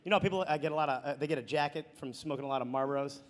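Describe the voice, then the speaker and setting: A man's voice: fairly high pitch, rapid-fire. A man from Wisconsin doing sardonic stand-up comedy on stage. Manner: sardonic storytelling. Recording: live club with audience laughter.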